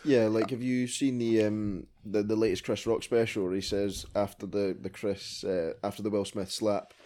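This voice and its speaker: A man co-hosting a film podcast, retelling comedy bits in an animated, casual way. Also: on the low side, normal speed. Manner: animated storyteller, laughs while retelling jokes. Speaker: podcast co-host. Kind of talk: casual chat.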